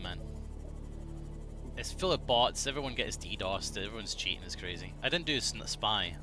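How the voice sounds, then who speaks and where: A young man streaming a game, chatting casually with his audience in a joking, animated way and swearing freely. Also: fairly low pitch, moderate pace, over music. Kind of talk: casual live-stream chat reading.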